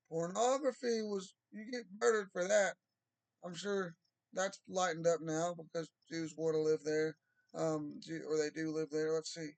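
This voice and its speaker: A man's voice: on the high side, darkish tone, no room sound. A man talking in a casual, rambling monologue, drawling and swearing freely. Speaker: vlogger.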